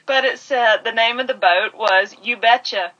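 A woman from the American South, co-hosting a podcast in casual chat, lively and quick to laugh. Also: a little high. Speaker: podcast co-host. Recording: dull, muffled audio.

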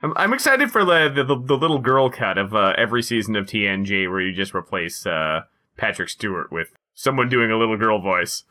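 A woman's voice: very deep voice, animated, fairly quick, bright, forceful tone. A woman co-hosting a podcast over a video call, chatting casually with wry humor. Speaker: podcast co-host. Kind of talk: casual chat.

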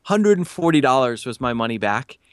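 Man, 30s, podcast guest; lively storyteller who acts out quotes, fillers galore, dry close mic. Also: mid-range voice, fairly quick, no echo. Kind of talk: casual storytelling.

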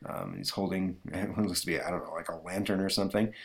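A man's voice: deep voice, fast. A man hosting a comic book review podcast, talking hesitantly with many fillers. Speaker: podcast host.

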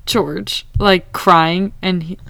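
A woman recapping a show in easygoing conversation, her voice lowish and smooth. It sounds dry and close, with no room around it. She slips into little acted quotes as she talks. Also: moderate pace, no echo. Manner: animated, acts out quoted lines. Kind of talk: casual TV recap chat.

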